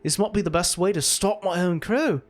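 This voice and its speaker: A man's voice: high-pitched, moderate pace, faint music behind, pitched above the performer's own voice, natural voice. A man voicing a bitter, reckless male tiefling sailor in a tabletop game, grumbling and swearing.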